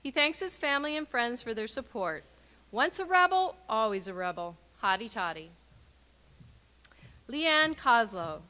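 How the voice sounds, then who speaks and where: A woman reading out graduates' names and short personal messages at a university graduation ceremony, with clear, measured announcing and emphatic sign-offs. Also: a little high, lively intonation, sharp tone.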